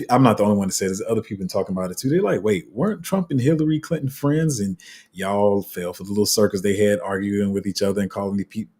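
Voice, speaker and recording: Chatty low-voiced host with a husky edge. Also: male voice. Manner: chatty, animated, acts out quotes, trails off and restarts. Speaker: crypto channel host. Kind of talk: casual commentary to viewers.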